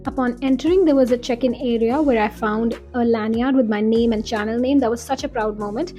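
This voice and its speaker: Mellow woman narrating a vlog. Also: fairly high pitch, a little fast, soft background music. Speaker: vlogger. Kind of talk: casual vlog voice-over.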